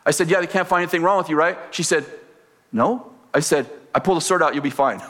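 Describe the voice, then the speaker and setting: A man preaches in a storytelling style, acting out each exchange and breaking into laughter along the way. His voice sits fairly high for a man. The sound carries a long reverb, as in a large hall. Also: racing. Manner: animated storyteller, acts out dialogue, laughs often. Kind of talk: storytelling sermon.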